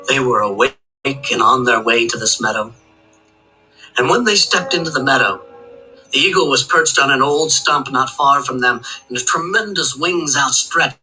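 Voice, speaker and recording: Bright-voiced male storyteller. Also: medium pitch, low-quality recording. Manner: rhythmic, with long chains of "and". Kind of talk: oral folk tale telling.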